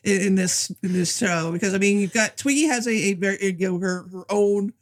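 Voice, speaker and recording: A woman co-hosts a casual podcast, trading jokes about a horror movie. She talks in quick bursts, stumbling over restarts as she reaches for a punchline. Her pitch sits in an ordinary middle range. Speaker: podcast co-host. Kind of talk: casual movie recap chat.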